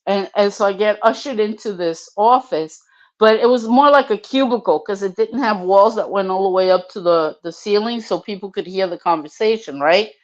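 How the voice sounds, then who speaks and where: An older woman talks in a middling pitch, swearing casually as she spins a story. She slips into the voices of the people in her tale as she goes. The sound is muffled and lo-fi. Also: moderate pace. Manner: profane, animated, acts out voices in her story. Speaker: storyteller guest. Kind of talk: casual anecdote telling.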